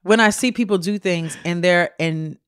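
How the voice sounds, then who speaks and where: A woman co-hosting a podcast in casual chat, animated storytelling with playful slang. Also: fairly low pitch, normal speed, smooth, dry recording, studio quality. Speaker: podcast co-host.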